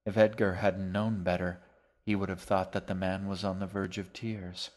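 Guy narrating his novel, low voice, slow and pretty flat. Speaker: author reading his own novel. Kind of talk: scripted narration of a serialized novel podcast.

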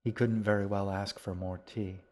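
A man narrating a children's story in a steady, even storytelling manner. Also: lowish voice, moderate pace. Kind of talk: audiobook narration.

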